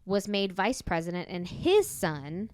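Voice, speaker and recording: A woman's voice: fairly low pitch, very animated, unhurried, no room sound. A woman co-hosting a podcast, casually telling a story with lots of fillers and self-corrections. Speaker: podcast co-host.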